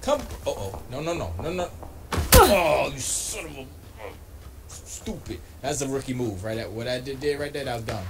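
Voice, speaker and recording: A man's voice: mid-range voice, lively intonation, moderate pace, noisy background. A man chatting casually on a live stream while gaming, slangy and trash-talking. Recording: music playing behind. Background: music.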